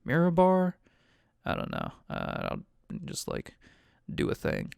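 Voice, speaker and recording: Gravelly, smooth-voiced casual game master. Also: male voice, a little high, wildly swooping pitch, a little slow, darkish tone, no echo, studio quality. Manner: rambling, loose and profane, heavy on "like". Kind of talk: casual recap of a tabletop game.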